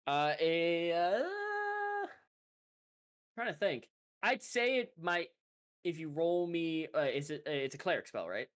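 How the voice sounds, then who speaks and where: A man narrating as game master in a loose, rambling way, quick to laugh. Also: a little high, very animated, fairly bright tone.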